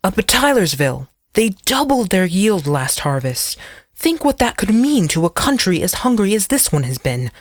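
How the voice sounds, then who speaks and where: A woman's voice: mid-range voice, very animated, moderate pace, no echo, studio quality, pitched above the performer's own voice. A woman voicing an earnest, sweating male preacher who pleads for a return to the old ways. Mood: earnest pleading.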